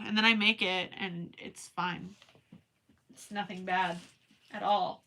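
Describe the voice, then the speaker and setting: A woman's voice: mid-range voice, fairly even intonation, a little slow, pushed and bright. A young woman with a Minnesotan accent, chatting casually with viewers on a late-night crochet livestream, rambling and a little tired. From Minnesota, USA. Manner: rambling, chatty, talks to viewers while working. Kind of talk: casual chat while crafting.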